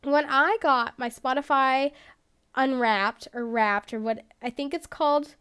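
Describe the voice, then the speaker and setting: A woman with a high, smooth voice hosts her own podcast solo. She rambles chattily, leans on "like" and pokes fun at herself. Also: steady tone, a little slow, pushed and bright. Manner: rambling and chatty, heavy on "like", self-deprecating. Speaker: podcast host. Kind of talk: casual solo podcast chat.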